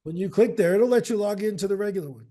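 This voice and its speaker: A man's voice: high-pitched, quick pace, mellow. A man in casual video call chat, upbeat and walking someone through his screen share. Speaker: speaker platform representative.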